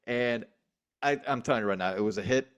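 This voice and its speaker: Speaking fairly quickly in a smooth, medium-pitched voice, a man co-hosts a sports podcast. The talk is casual, full of energy and emphasis, with frequent laughter.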